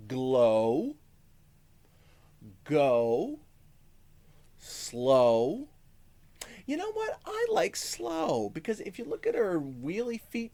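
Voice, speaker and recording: Slow, lively man teaching young kids. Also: a little high, vocal fry. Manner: encouraging, talks slowly to young children, sings short lines; lots of "okay?" check-ins. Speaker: music teacher. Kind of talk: first-grade music lesson.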